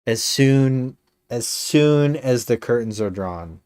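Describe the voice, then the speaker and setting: A man's voice: medium pitch, animated, takes it slowly, a little mellow, no echo. A male game streamer chatting casually on a live stream, rambling with many fillers and slipping in dry jokes.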